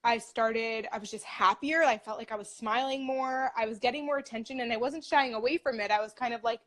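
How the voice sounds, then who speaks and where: A woman's voice: a little high, steady tone, a little fast, few pauses, fairly bright tone. A young woman in her twenties, a dietitian, talking about her path in a casual, upbeat interview, with lots of "like" fillers. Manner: chatty, upbeat, many "like" fillers.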